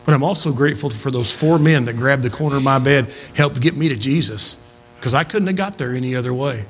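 A man preaching a sermon, telling stories with emphatic, rising exhortations and quieter narrated stretches. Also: mid-range voice, fairly quick, a little hiss or hum.

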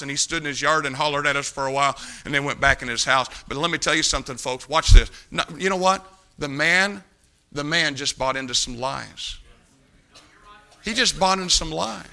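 Male preacher, sermon, high voice, very bright, emphatic and pleading, loud and soft by turns.

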